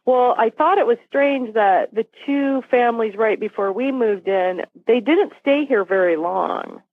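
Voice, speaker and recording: Woman guest, forties, lively storyteller acting out voices; tinny dry phone line. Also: on the high side, measured pace, no room sound. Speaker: podcast guest. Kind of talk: storytelling in a podcast interview. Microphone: phone call.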